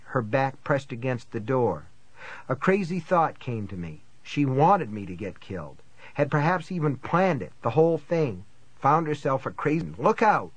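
A man narrating a first-person thriller audiobook in a tense, measured storytelling manner. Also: mid-range voice, dry recording.

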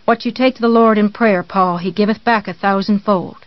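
A reader voicing a pious, menacing middle-aged woman who speaks slowly and sweetly, in a dull, dry audiobook recording. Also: mid-range voice, fairly even intonation, no room sound, close to an everyday voice. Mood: calm, pious.

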